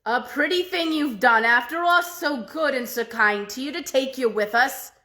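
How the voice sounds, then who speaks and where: A woman voicing a spiteful, furious male fairy who shouts scornful curses in a storybook tale. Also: high-pitched, normal speed.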